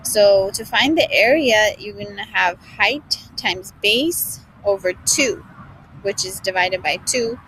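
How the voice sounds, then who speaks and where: A young woman going over her math class notes in a casual way, pausing often with fillers. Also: medium pitch, a bit bright, a little hiss or hum, poor audio. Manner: playful at first, then hesitant with many fillers. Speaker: student reviewing class notes. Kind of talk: casual study review.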